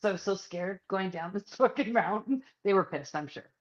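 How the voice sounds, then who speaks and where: Her voice is medium-pitched and fairly quick, captured in a muffled recording. She's a podcast co-host telling a personal story casually, full of swearing and acted-out lines from other people.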